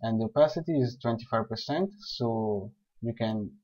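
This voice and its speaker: A man calmly explaining software steps one by one in a screen-recorded tutorial. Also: mid-range voice, normal speed. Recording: dull lo-fi voice recording.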